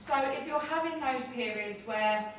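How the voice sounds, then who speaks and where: A woman's voice: on the high side, moderate pace, a little hiss or hum. Candid businesswoman talking in an echoey room. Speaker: business owner speaking at an event. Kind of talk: speaking to an audience. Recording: echoey room, speaker far from the mic.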